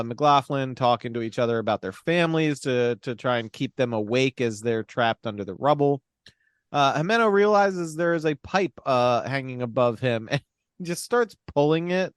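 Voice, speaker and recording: A man's voice: medium pitch, clean tone, dry recording, clean studio sound. A man co-hosting a podcast, wryly recapping a movie in casual, profane chat full of fillers. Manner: wry, profane storytelling with many fillers. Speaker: podcast co-host.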